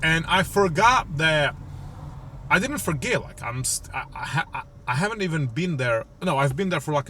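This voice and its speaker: A man's voice: medium pitch, pushed and bright, a little hiss or hum. A young man telling a rambling, profane, exasperated story on a comedy podcast. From Portugal. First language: Portuguese. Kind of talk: casual storytelling rant.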